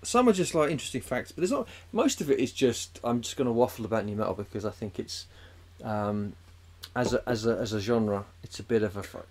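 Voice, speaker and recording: A man's voice: medium pitch, animated, fairly quick, a little mellow. A man, co-hosting a podcast in casual chat, rambling and swearing as he jumps into put-on voices. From England. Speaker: podcast co-host.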